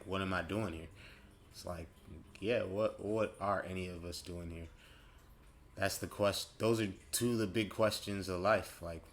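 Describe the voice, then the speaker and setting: Late-20s male host, low voice, loose reflective monologue, rambling and self-correcting. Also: a little hiss or hum. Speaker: podcast host.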